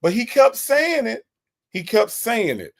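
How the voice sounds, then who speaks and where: A man's voice: very high voice, very animated, unhurried, vocal fry. A man hosting a casual commentary show, mocking and often restarting his sentences. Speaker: show host.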